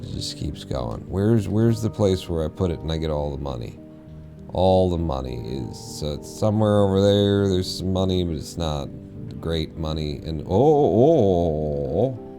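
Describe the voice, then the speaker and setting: A man's voice: low-pitched, very animated, unhurried, mellow, soft background music. A man streaming a game, rambling and swearing casually to himself as he plays. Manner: rambling, profane, mumbling to himself. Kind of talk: casual live-stream gameplay chatter.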